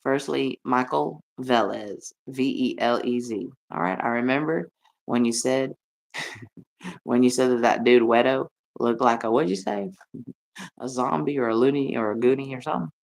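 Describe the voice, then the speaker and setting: A middle-aged American woman ranting on her livestream, brash and profane, laughing often and swinging between loud and soft. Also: very deep voice, measured pace, gravelly. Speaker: livestream host. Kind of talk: rambling livestream rant.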